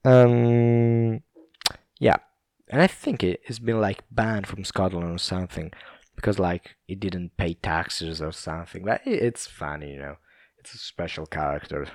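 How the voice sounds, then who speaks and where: A young Italian man with an Italian accent rambles casually through a monologue in a low, unhurried, darkish voice. The recording is studio quality with no echo, and his speech is full of laughter, fillers and restarts.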